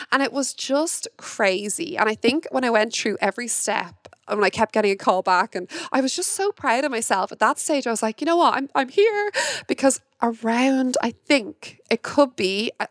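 An Irish woman hosting her own podcast, talking fast and passionately in a casual monologue. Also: a little high, fairly bright tone, dry recording, clean studio sound. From Ireland. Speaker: podcast host.

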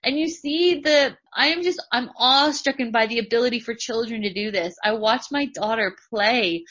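A woman's voice: fairly high pitch, a bit bright, slightly rough. A woman, a podcast host giving a motivational spiritual talk and repeating phrases for emphasis. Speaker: podcast host and business coach. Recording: dull lo-fi recording.

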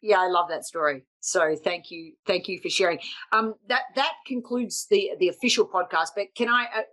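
A woman's voice: lowish voice, a bit bright. A middle-aged woman hosting a coaching podcast, talking eagerly and laughing easily. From Australia. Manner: enthusiastic, quick to laugh. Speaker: podcast host, tennis coach. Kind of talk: casual interview chat.

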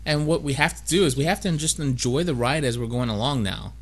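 A man's voice: medium pitch, quick pace. A man hosting a podcast in casual chat, rambling and joking at his own expense. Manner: rambling, self-mocking, jokey. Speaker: podcast host.

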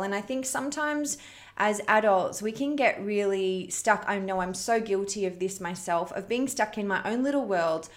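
A woman hosting a parenting challenge, telling a story to her online audience in an earnest, heartfelt, conversational way. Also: mid-range voice.

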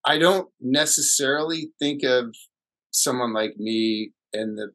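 A man co-hosting a casual podcast, speaking reflectively and haltingly with restarts, recorded in a hall. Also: mid-range voice, fairly bright tone. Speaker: podcast co-host.

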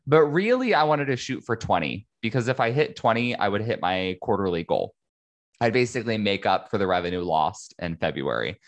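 Casual male podcast host, low voice, chatty and upbeat, lots of ums and likes. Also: sing-song, a little fast. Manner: chatty, filler-heavy, upbeat and conversational. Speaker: podcast host, business educator. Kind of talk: casual solo podcast monologue.

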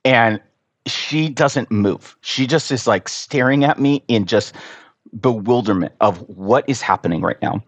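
A man telling an earnest, animated story as a podcast guest in casual conversation. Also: mid-range voice, no room sound.

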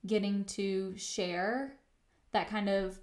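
A woman co-hosts a relaxed podcast recorded at a kitchen table with a microphone in front of her. She talks in a thoughtful, earnest way and keeps reaching for the right words with a steady stream of "like"s. Her voice sits at an ordinary middle pitch. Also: takes it slowly. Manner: reflective, earnest, many filler "like"s. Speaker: podcast co-host. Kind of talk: casual conversational podcast chat. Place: home kitchen.

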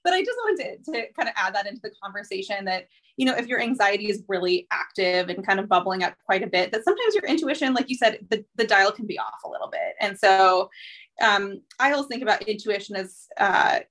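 A woman's voice: medium pitch, expressive, a little fast, fairly bright tone. A woman in her thirties, a therapist hosting a podcast, talking things through in a thoughtful, reflective way with plenty of fillers. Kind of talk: casual conversation.

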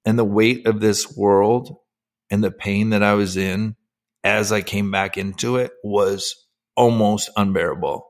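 A middle-aged man with a somewhat low voice tells his own story as a podcast guest. He speaks earnestly and emotionally, full of fillers and restarts, in a candid conversational way. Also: fairly even intonation, measured pace. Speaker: podcast guest, former pro hockey player.

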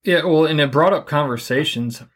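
A middle-aged man co-hosting a podcast, giving relationship advice in a calm, even, deliberately unhurried way. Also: on the high side. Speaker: podcast co-host. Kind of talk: casual advice chat.

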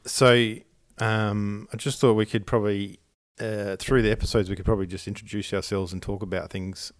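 A man's voice: lowish voice, flat delivery, moderate pace, dry recording, studio quality. A man chatting casually as a podcast co-host, with lots of ums and restarts. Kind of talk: casual chat.

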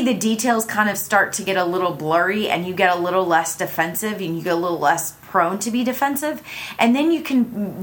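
A woman co-hosting a casual podcast, giving relationship advice in an animated way and acting out the phrases she quotes. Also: medium pitch.

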